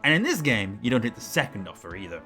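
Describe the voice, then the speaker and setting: A man chatting his way through a game playthrough, full of rambling asides and fillers. His pitch rises and falls a great deal as he talks. Faint music runs in the background. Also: very animated, fast talker, sharp tone. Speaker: let's play host. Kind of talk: casual game commentary.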